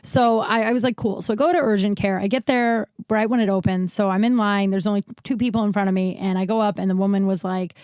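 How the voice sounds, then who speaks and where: A woman's voice: mid-range voice, fairly even intonation, fast, few pauses, a little mellow, clean tone, no room sound. A woman hosting a podcast, telling a long personal story in a chatty way, swearing now and then and acting out the people she quotes, sounding a little winded while recovering from illness. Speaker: podcast host. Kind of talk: casual storytelling monologue.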